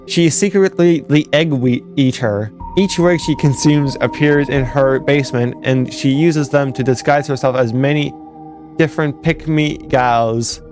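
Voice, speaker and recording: A man's voice: mid-range voice, measured pace, a little mellow, soft background music. A young man, a fan game developer, casually commenting over footage, rambling and correcting himself as he goes. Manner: rambling, self-correcting, laughs at own jokes.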